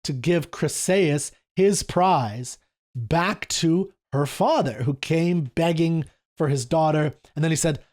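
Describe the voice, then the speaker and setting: A middle-aged man hosting a casual lesson on an epic poem, reading quoted speeches slower and lower than his explaining. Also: darkish tone. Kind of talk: casual lecture with read-aloud quotes.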